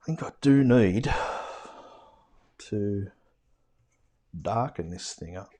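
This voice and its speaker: A man's voice: lowish voice, animated, slow pace, warm tone. An Australian man giving a casual watercolour demo, muttering offhand remarks to himself as he paints and sometimes dropping to a whisper. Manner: self-mocking, offhand with mild swearing.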